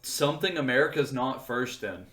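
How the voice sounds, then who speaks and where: A man's voice: medium pitch, expressive, normal speed, sharp tone. A young man co-hosting a podcast in casual chat, loose, joking and full of swearing. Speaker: podcast co-host.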